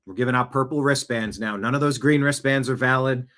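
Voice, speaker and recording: Brisk and a bit bright, his mid-range voice carries a show host's casual political rambling. He sits in a home studio, reacting to clips and drifting into conversational asides.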